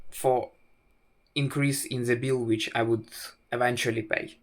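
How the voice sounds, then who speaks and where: Slow, halting young man. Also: mid-range voice, steady tone. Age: 20s. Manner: halting, full of "uh" fillers and restarts; wry, self-mocking. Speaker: vlogger. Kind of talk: casual storytelling to camera.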